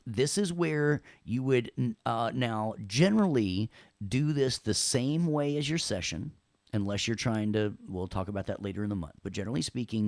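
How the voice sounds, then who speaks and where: A man with a low, gravelly voice leads a relaxed audio software lesson. He talks in a chatty, joking way and slips corny puns between the steps. His voice sounds close and dry, with no room echo. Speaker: audio production instructor. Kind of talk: casual software walkthrough lesson.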